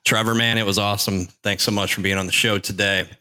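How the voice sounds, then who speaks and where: A man, a podcast host, wrapping up the episode with an upbeat, brisk sign-off. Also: on the low side, level tone, pushed and bright. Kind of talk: show outro. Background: faint music.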